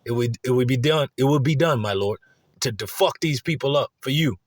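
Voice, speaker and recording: A man's voice: mid-range voice, a little fast, dry recording, clean studio sound, voice pushed down, lightly acted. A man voicing an eager creature servant.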